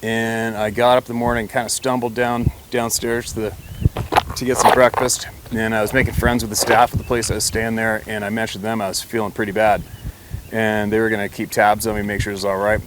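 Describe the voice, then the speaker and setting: A man's voice: lowish voice, flat delivery, fairly quick, heavy background noise. A man telling a personal story to camera in a rambling, blunt way, with mild swearing and frequent restarts.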